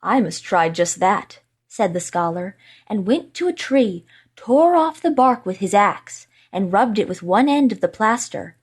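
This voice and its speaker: A woman reading a classic fairy tale aloud as narrator, clearly and expressively. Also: medium pitch, animated, a little slow. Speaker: storyteller. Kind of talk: storybook reading.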